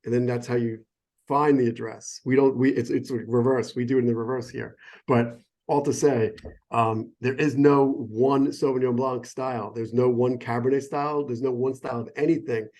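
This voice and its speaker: Speaking on a phone or remote call, the middle-aged U.S. sommelier gives a relaxed, eager explanation, digressing freely and repeatedly cutting off his own sentences. He talks at a moderate pace in an ordinary middle-pitched voice.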